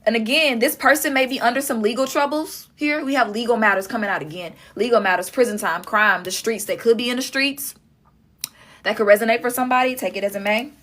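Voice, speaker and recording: A woman's voice: a little high, brisk, a bit bright. A woman doing a casual tarot reading, talking straight to her viewers with emphatic repetition. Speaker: tarot reader.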